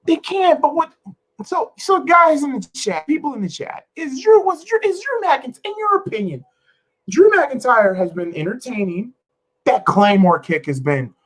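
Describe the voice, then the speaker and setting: A woman's voice: on the high side, husky, rough recording. A woman streamer ranting to her chat in an exasperated, profane way, repeating herself for emphasis. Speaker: wrestling streamer. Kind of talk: livestream rant to chat.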